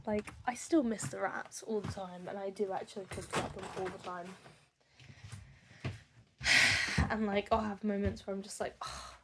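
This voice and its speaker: Soft-spoken young woman keeping a diary. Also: medium pitch, fairly even intonation, normal speed, long pauses, noisy background. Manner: soft, heartfelt, rambling. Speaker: vlogger. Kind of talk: casual video diary. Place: home room with pet enclosure.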